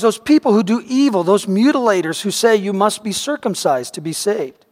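Male pastor with a high voice, animated storytelling sermon, recorded in a reverberant church sanctuary. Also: moderate pace. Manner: animated storyteller, voice rising and shouting at dramatic moments. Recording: long reverb of a large hall.

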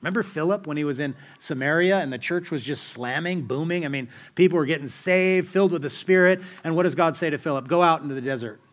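A man's voice: a little high, fast, hardly any pauses. A man preaching a sermon in a conversational, storytelling way, full of rhetorical questions to the listeners. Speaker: pastor.

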